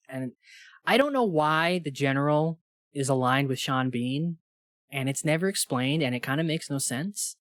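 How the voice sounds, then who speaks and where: A man co-hosting a podcast in casual chat, talking animatedly and jumping high when he voices his own thoughts. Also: no echo, clean studio sound. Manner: animated, rising into high-pitched asides. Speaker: podcast co-host.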